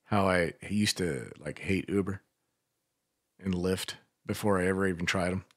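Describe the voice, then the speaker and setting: A man in his sixties talks on morning radio with a fairly low voice. He tells long, rambling stories laced with profanity and quick self-mocking laughs. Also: no echo, clean studio sound. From Washington, D.C. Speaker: radio co-host. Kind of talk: casual radio banter.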